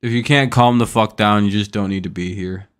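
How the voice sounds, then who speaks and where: A man's voice: on the low side, steady tone, fairly quick, smooth. A young man hosting a casual live stream, first reading news, then ranting in an irritated, profane way at a viewer in the chat. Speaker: streamer host.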